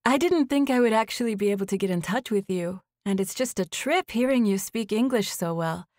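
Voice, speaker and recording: A nervous thirty-something woman, as the narrator puts her on, talks in a breathless, flustered rush, voice lifted higher than the narration. She rambles and stumbles over herself in an audiobook scene. The sound is close and dry. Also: fairly quick, darkish tone, dry recording, lightly acted. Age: 30s. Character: nervous excited young woman on a phone call. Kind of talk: audiobook dialogue.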